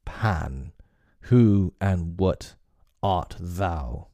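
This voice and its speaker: A man voicing a brooding, menacing old pirate captain in a storybook reading, speaking slowly and in a hushed, sometimes whispered way. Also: low-pitched, breathy edge, dry recording, exaggerated voice.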